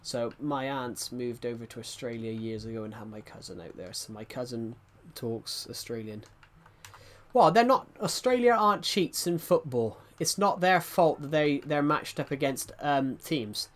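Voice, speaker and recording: A man's voice: medium pitch, animated, normal speed, hardly any pauses, fairly bright tone. A man chatting casually on a live stream, rambling and often restarting his sentences as he answers chat. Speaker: livestreamer reading chat.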